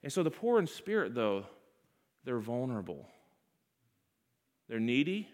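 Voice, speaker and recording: A man preaching a sermon, leading his congregation in call-and-response with emphatic repetition, swinging between loud, raised passages and hushed, low ones. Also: very animated, measured pace. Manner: sweeping pitch and loudness swings between loud highs and hushed lows.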